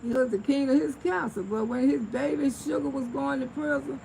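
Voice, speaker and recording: Woman, 60s, gravelly, livestream storytelling, chatty, faint background noise. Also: high voice, fairly quick, mellow, rough recording. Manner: chatty, reads out and answers viewer comments, laughs often. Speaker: livestream host.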